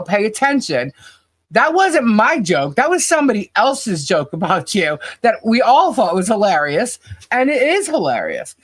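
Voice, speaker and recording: A woman's voice: mid-range voice, no room sound. A woman co-hosting a podcast in casual chat, blunt and fired up as she trash-talks critics. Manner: blunt, animated, trash-talking. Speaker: podcast co-host.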